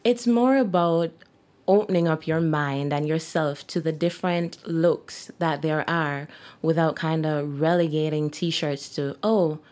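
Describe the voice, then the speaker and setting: A woman's voice: deep voice, steady tone, measured pace, darkish tone. A Jamaican woman in her thirties, a guest in an interview, chatting casually with many fillers and laughs. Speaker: guest, T-shirt brand owner.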